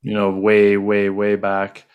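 A low-voiced man from Canada chatting casually as co-host. He talks in halting bits, restarts often and laughs easily. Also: completely flat delivery, clear, resonant tone, narrow, tinny audio. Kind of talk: casual chat.

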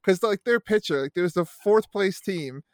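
Middle-aged man, rambling profane anecdotes, slightly high voice, dry close sound. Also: animated, normal speed, no echo. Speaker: podcast co-host and youth baseball coach. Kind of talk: casual chat.

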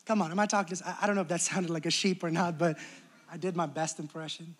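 A man's voice: a little high, fairly even intonation, quick pace, breathy edge. A young adult man preaching a sermon as pastor, talking conversationally and acting out little quoted exchanges.

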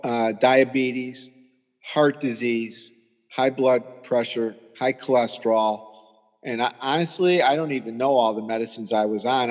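A man in his sixties telling his story as a patient guest in a halting, rambling way, often restarting. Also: medium pitch, big-room sound. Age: 60s. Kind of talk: conversational storytelling.

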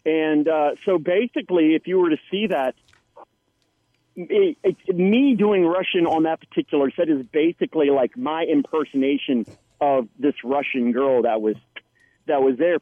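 A man, an actor guest, tells stories in a chatty, rambling way. His voice sits a little high for a man. It comes through a dry, tinny phone line. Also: moderate pace, no room sound. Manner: chatty storyteller with many restarts. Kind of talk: casual interview anecdote.

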